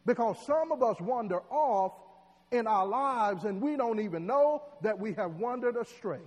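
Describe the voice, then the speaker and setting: A man preaching a sermon, telling a story dramatically and building to loud, emotional peaks. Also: high-pitched, lively intonation, normal speed. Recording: long hall reverb.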